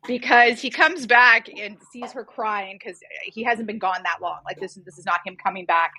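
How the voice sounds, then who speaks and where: A woman's voice: medium pitch, moderate pace, bright, forceful tone, slight background noise. A woman co-hosting a podcast, chatting casually and animatedly as she retells a romance novel's plot. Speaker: podcast co-host.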